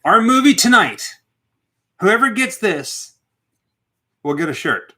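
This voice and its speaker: A man with a bright, lively voice co-hosts a casual live stream. He rambles through stories and teases viewers with trivia questions, and his pitch moves around a lot. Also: slow pace, husky. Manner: rambling storyteller, laughs often, teasing. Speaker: co-host and trivia quizmaster.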